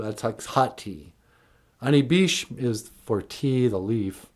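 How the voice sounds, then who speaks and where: A man's voice: medium pitch, slow pace, a little mellow. A man, a cartoonist and puppeteer, telling a comic story in a folksy, digressive way.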